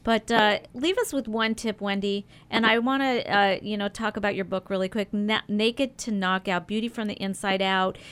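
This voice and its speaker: Woman radio host, casual and chatty, smooth resonant tone. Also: medium pitch, little pitch movement, moderate pace, hardly any pauses, a bit bright. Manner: chatty, upbeat, lots of fillers.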